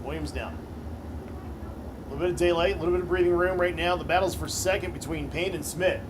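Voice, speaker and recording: A man's voice: a little high, steady tone, fast talker, noisy background. A man announcing a live kart race, calling laps and introducing drivers in short, punchy phrases. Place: kart racing track.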